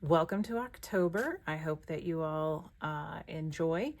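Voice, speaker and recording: Chatty, self-mocking craft host woman, low-pitched. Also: lively intonation, a little slow. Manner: chatty and self-deprecating, thinking aloud with many uhs. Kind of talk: casual chat while crafting.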